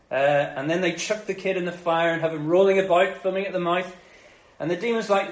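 A man's voice: high voice, fairly even intonation, a little fast. A man preaching, retelling a story in a casual, jokey way. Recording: echoey room.

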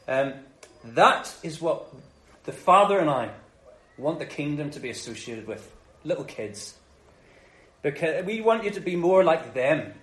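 A high-voiced man preaching in an echoey room. He tells the story in a lively, jokey way and acts out the characters in playful voices. It feels like a casual sermon. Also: measured pace, pauses often.

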